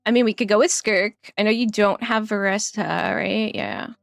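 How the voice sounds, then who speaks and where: A woman's voice: medium pitch, normal speed, creaky, dry recording, studio quality, soft background music. A woman casually commenting while playing a game on stream, chatty and laughing often, trailing off as she thinks.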